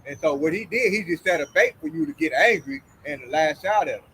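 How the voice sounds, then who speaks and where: A man's voice: on the high side, big pitch swings, quick pace, pushed and bright, a little hiss or hum, rough recording. A man co-hosting a casual religious talk, affirming and adding his own points.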